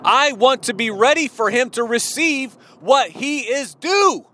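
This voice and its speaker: A man's voice: very high-pitched, lively intonation, a little slow, bright, forceful tone. A male preacher delivering a sermon with emphatic, repeated rhetorical questions.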